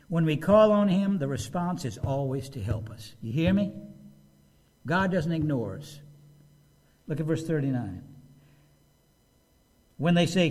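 Animated preacher, lively man's voice. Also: fairly high pitch. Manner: animated, conversational, acts out quotes. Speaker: pastor. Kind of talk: sermon.

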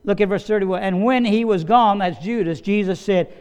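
A man's voice: sits high, moderate pace, few pauses, darkish tone, clean tone. Man preaching in a conversational way. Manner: conversational preaching with asides and occasional coughs. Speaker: pastor. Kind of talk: sermon. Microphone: slides and study sheet, speaking to a congregation.

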